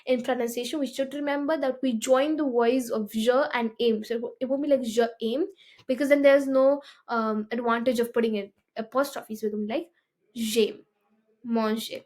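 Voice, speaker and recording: A woman with a slightly high voice teaches a beginner French lesson. She explains step by step and keeps checking in with her listeners. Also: fairly even intonation, a little fast, few pauses, a little mellow. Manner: explanatory, often checks with "okay?".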